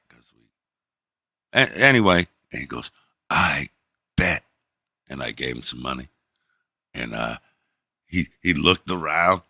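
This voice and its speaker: Man, middle-aged, low voice, forceful, profane animated storytelling, streamer. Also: gravelly, no echo, studio quality. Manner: profane, animated, acts out the people in his stories. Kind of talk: casual storytelling.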